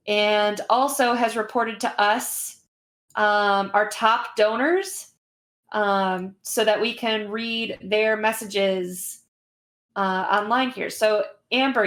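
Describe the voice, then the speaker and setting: A woman's voice: mid-range voice, a bit bright. Chatty woman host with many ums. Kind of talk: casual livestream wrap-up.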